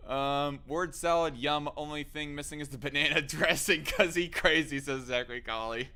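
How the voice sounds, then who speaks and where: A man's voice: on the high side, unhurried, sharp tone, clean tone. A man hosting a casual live stream, often laughing as he reads chat comments aloud. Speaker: streamer host.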